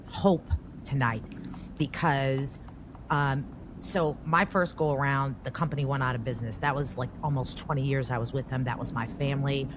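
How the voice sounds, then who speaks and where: A woman's voice: rumbling low, noisy background. A woman hosting a podcast, talking candidly and with rising animation. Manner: animated, rising emotion as she tells the story. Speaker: podcast host. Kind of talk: candid conversational podcast talk.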